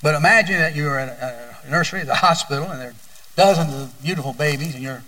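A man's voice: fairly high pitch, fast, pushed and bright, far from the mic, low-quality recording. An older man preaching a sermon as a pastor, telling folksy stories and often repeating his words.

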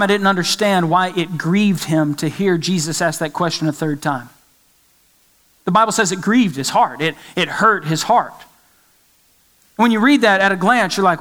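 High-voiced man preaching emphatically. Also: fairly bright tone. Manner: emphatic preaching, repeats lines for stress. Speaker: pastor. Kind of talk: sermon.

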